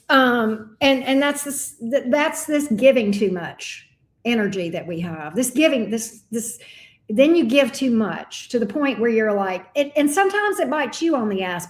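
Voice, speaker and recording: A middle-aged woman giving a casual tarot reading, blunt and profane, full of folksy sayings. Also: fairly high pitch. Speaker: tarot reader. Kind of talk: casual astrology reading chat.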